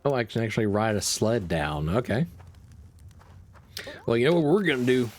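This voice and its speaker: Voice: mid-range voice, sing-song, moderate pace. A streamer chatting casually and wryly while playing a video game, a little sleepy. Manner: drowsy and chatty, with a wry edge. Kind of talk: casual gameplay commentary.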